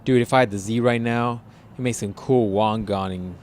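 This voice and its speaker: A man's voice: fairly low pitch, steady tone, normal speed, a little mellow, slight background noise. A young man bantering in slang on a podcast recorded while driving. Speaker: podcast host. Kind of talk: casual chat. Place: in a car, driving.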